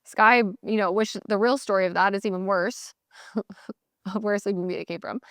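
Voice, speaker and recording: Blunt, animated woman coaching sales. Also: medium pitch, moderate pace, no echo, clean studio sound. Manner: blunt, animated, mimics voices in quotes. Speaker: podcast host and sales coach. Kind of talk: casual motivational talk.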